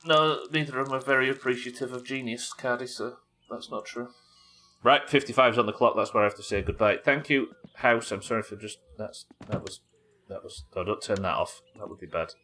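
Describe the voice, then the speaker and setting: Brisk and pushed, with a bright medium-pitched voice, a man streams games live. He banters loosely with chat, cursing freely as he jokes.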